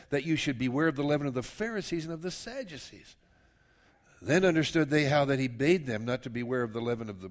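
A man preaching a sermon while he has a cold and coughs now and then, acting out the voices of the people he quotes. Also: medium pitch. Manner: animated, acts out quoted voices. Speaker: pastor.

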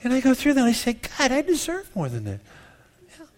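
A man in his fifties preaching a sermon in a church, conversational and self-mocking, swinging from loud exclamations to hushed confessions. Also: extremely high pitch, huge pitch swings, brisk. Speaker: pastor.

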